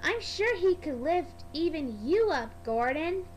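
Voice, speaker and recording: A woman voicing an excitable small male tank engine. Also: very high-pitched, a little slow, slight background noise, full character voice, poor audio. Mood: eager.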